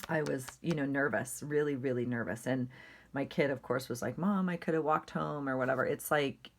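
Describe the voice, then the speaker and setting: A middle-aged woman with a low-pitched voice talks through her journal pages. Her chatty, rambling delivery is full of fillers. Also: normal speed, a little hiss or hum. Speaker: journaling vlogger.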